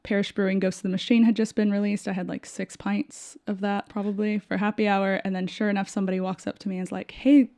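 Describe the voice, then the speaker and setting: A woman's voice: medium pitch, quick pace, few pauses. A woman in her thirties recounts her past with an easy, conversational energy. She slips into the voices of the people she quotes and laughs freely as she goes. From United States. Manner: animated storyteller who acts out quoted dialogue, laughs often. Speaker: podcast guest. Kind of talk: casual interview storytelling.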